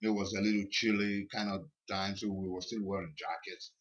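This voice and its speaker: Recorded in a basement, this podcast guest recounts a personal story with casual energy and frequent repeated words. His voice is lowish, his delivery fairly quick, and the high frequencies are cut off.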